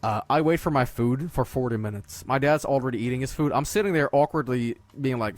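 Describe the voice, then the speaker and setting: Rambling, cursing male streamer. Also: a little fast. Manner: profane, rambling storytelling with many restarts; gets loud and high-pitched when worked up. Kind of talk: rambling comic rant. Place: home streaming setup.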